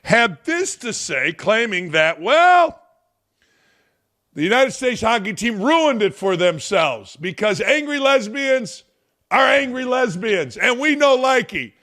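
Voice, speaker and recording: Man, talk show host, brash and mocking, high bright voice. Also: very animated, slow. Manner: brash, mocking, loud jabs. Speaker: podcast host. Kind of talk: opinion rant on a talk show.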